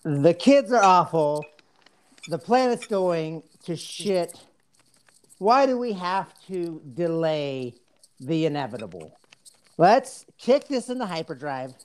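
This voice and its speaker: A woman's voice: fairly low pitch, very animated, slow pace, a little mellow. A woman voicing a mock-serious debater in a put-on Southern accent, pleading cynically as if in court. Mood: mock-indignant. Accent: put-on American Southern.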